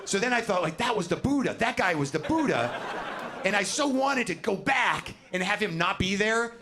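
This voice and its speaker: A man's voice: high voice, lively intonation, moderate pace, background noise. A middle-aged man doing a stand-up set on a club stage, ranting and swearing with self-deprecating bite. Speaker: stand-up comedian. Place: comedy club stage with audience.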